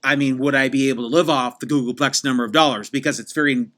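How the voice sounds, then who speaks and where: A man's voice: mid-range voice, steady tone, quick pace, a bit bright, lightly acted. A man playing a pompous podcast guest who rambles and keeps restarting his sentences in a comedic interview. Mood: rambling. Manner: rambling, repeats himself, many restarts. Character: rambling self-important male podcast guest, adult.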